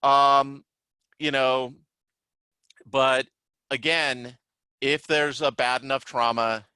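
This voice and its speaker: Bright-voiced man giving a casual lecture. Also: mid-range voice, slow pace, clear, resonant tone, no room sound, poor audio. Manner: conversational, many "like" fillers, lively retelling. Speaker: CERT trainer and psychiatrist.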